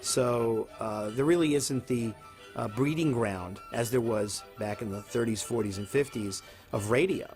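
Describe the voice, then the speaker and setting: A man's voice: medium pitch, a little slow, darkish tone. A man speaking thoughtfully, with some hesitation, in a documentary interview. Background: music.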